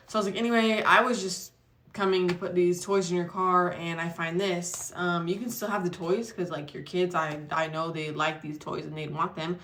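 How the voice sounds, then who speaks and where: A woman's voice: lowish voice, normal speed. A chatty young woman telling a story. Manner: chatty, animated retelling with acted quotes and swearing. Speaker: vlogger. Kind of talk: casual storytime.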